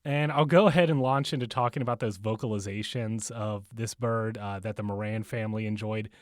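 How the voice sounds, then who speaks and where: A man's voice: fairly low pitch, fairly even intonation, fairly quick, dry recording, clean studio sound. A man hosting a podcast in a chatty, casual way, laughing at his own jokes and using many fillers, recorded in a bookstore. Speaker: podcast host.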